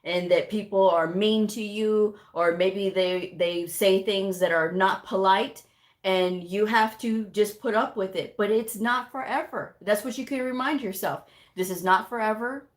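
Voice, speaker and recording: A woman talks straight to her livestream viewers in a casual, blunt way. She lectures with tough love and now and then reads out chat messages. Her delivery is plain and unpolished, like an ongoing live chat. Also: measured pace. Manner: blunt, tough-love, mocks with high whiny voices; reads chat comments aloud. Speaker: livestream host and medical coding tutor.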